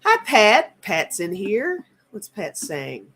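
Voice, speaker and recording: A woman in her fifties hosting a live tarot stream, talking in a halting, earnest way and reading viewer comments aloud. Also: medium pitch, huge pitch swings, fairly bright tone, slight background noise. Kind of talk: casual live-stream chat.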